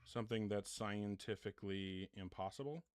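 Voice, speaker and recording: Low-voiced blunt male debate host. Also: moderate pace. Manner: blunt, questioning, restates premises. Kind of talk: live call-in debate.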